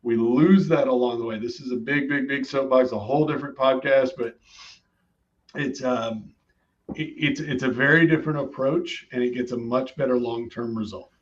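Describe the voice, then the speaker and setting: A man's voice: mid-range voice, moderate pace, dull audio. A man on a conversational podcast, explaining his points emphatically, step by step.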